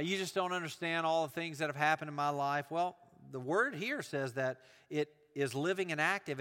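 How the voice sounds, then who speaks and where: A man's voice: on the high side, a bit bright, big-room sound. A man preaching a sermon, earnest and building emphasis through repetition.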